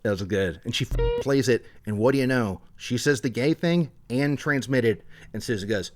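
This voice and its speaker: A man's voice: mid-range voice, moderate pace. A man co-hosting a casual true crime podcast, recapping the case with energy and acting out people's lines. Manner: animated, acts out quotes from the case. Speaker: podcast co-host.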